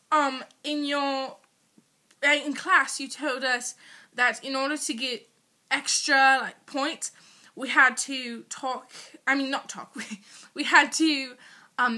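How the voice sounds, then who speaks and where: Teen girl faking a british accent, slow and umming a lot, bright highish voice, on an ipad in her room. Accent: put-on British. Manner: hesitant, many filler ums, playful. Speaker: student. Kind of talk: homemade school project video. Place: her bedroom. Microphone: iPad built-in mic.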